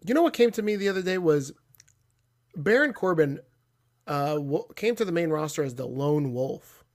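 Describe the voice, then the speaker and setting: A fairly high-voiced man chatting over a video call. He is excitable and quick to laugh, and he swears freely while he talks. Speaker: podcast co-host. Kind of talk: casual chat.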